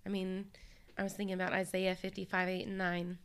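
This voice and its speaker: A woman's voice: mid-range voice, monotone, brisk, smooth. A woman in a casual Bible study discussion, thoughtfully sharing her view and citing scripture.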